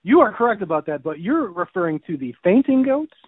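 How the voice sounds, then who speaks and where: A man's voice: sits high, big pitch swings, a little fast, husky, dry recording. A man co-hosting a casual gaming podcast, telling rambling jokey stories and bleating like a goat now and then. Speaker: podcast co-host. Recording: tinny phone-like line.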